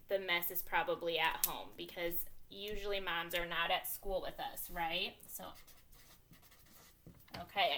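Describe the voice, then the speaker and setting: Bright, upbeat woman teacher walking young kids through a reading lesson. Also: mid-range voice. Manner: upbeat teacherly, talks to herself while writing.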